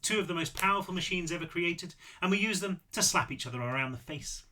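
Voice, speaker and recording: A man voicing a high-pitched, soft-spoken European man who is gentle on the surface and dangerous underneath, in a book read-through. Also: animated, quick pace. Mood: calm, ominous. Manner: quiet, gentle, with a dark edge.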